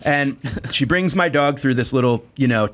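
A man's voice: mid-range voice, normal speed. A man telling a comic story in casual chat, acting out the other people in it and laughing as he goes. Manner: animated storyteller acting out quoted voices, laughs often. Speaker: comedian guest.

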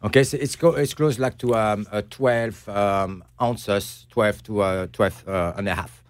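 French guy, kinda low voice, stop-start english, dry close sound. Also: dry recording. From France. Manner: halting, searching for English words. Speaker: bakery owner guest. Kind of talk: casual interview chat.

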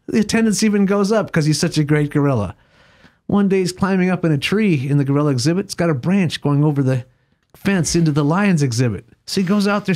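A man, the guest of an interview, telling a long joke with animated character voices, then discussing philosophy. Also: fairly high pitch. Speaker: guest author. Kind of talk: conversational interview, storytelling jokes.

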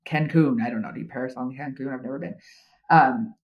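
A woman's voice: very deep voice, fast, lo-fi sound. A middle-aged American woman, an HR consultant and podcast guest, talking in a wry, self-mocking way with many fillers. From United States. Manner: humorous, self-deprecating, chatty with many fillers. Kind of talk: conversational interview.

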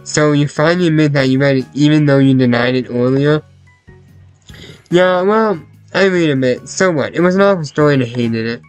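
A man voicing an angry young female classmate who demands to be heard, in a sharp, raised voice, over faint music. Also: on the high side, brisk, clear, resonant tone, natural voice, rough recording. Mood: defensive. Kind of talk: visual novel voice acting.

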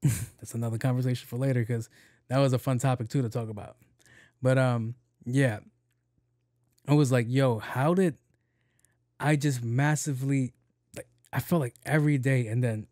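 A man's voice: medium pitch, darkish tone, dry recording, studio quality. A young adult man hosting his own podcast, ranting casually and profanely with bursts of laughter. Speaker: podcast host. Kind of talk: casual solo podcast rant.

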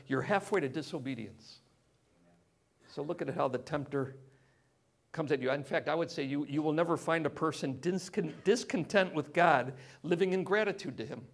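A man delivering a sermon in a church, his voice sitting a little higher than most men's. He preaches in a loose, conversational way, pausing on fillers and turning to the congregation with rhetorical questions. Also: vocal fry. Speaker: pastor. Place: church sanctuary.

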